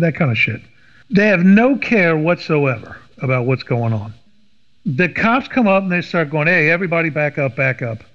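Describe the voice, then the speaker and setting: A middle-aged man from Washington, D.C. tells a story in casual talk, acting out quoted voices as he goes. His voice sits a little high. The recording is dull and lo-fi, with a long, trailing reverb. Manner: animated, acts out quoted voices. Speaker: podcast guest.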